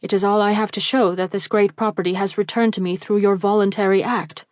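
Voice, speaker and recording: A woman voicing a grieving, formal gentleman who speaks in a measured way. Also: mid-range voice, steady tone, no room sound, clean studio sound, close to an everyday voice. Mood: grave.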